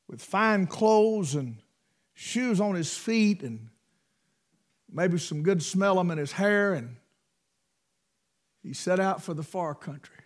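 A middle-aged preacher is in the thick of a sermon, his high-pitched male voice bouncing all over. He alternates fervent, loud bursts with hushed asides.

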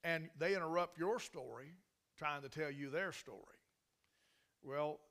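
Folksy preacher man, bright voice. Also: fairly high pitch, measured pace. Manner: folksy, emphatic preaching with many restarts. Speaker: pastor. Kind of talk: sermon.

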